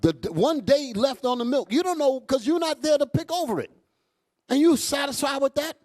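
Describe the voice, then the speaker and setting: A man preaching a fiery, profane sermon to his congregation, calling out to them as he goes. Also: normal speed. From United States. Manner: loud, animated, swings high and low, profane, asks crowd "y'all all right?".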